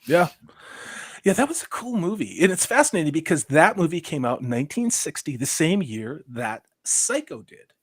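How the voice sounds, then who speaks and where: A man hosting a livestream chat, rambling along and dropping sarcastic jokes. His voice sits a little high for a man. The sound is dry and close, with no room echo. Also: very animated, moderate pace, breathy edge. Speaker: livestream host reading chat.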